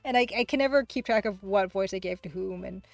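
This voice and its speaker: A woman hosting a casual livestream, who talks fast, rambles through chat replies, laughs often and pokes fun at herself. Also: mid-range voice, vocal fry, no echo, faint music behind. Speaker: livestream host and game artist.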